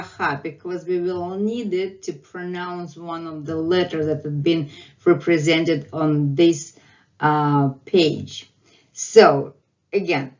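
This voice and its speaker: A woman teaches pronunciation at a very unhurried pace. Her voice sits fairly low, and she repeats every sound with patience. The recording has a dull, lo-fi sound. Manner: patient, drawn-out repetition of sounds. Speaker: language teacher. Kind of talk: slow alphabet lesson with repetition.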